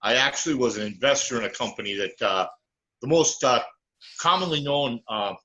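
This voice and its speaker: A man's voice: medium pitch, lively intonation, brisk, sharp tone. A man as a guest on a video call, explaining in a matter-of-fact way. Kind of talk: casual video-call chat. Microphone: video call microphone. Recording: dull lo-fi call audio.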